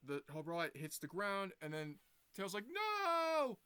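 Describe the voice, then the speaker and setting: A man's voice: a little high, moderate pace, pushed and bright, smooth, no echo. A young man casually retelling a movie plot for his review, rambling with lots of restarts. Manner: rambling, many fillers and restarts.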